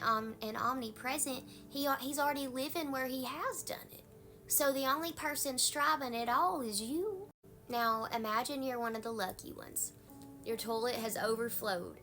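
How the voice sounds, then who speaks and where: A woman's voice: fairly high pitch, moderate pace, over music. A woman pastor with a Southern US accent, giving a folksy, conversational devotional talk.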